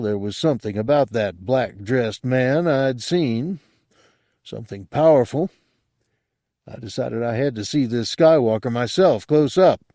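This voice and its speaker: A man's voice: mid-range voice, darkish tone, no room sound. Male audiobook narrator, dry close sound.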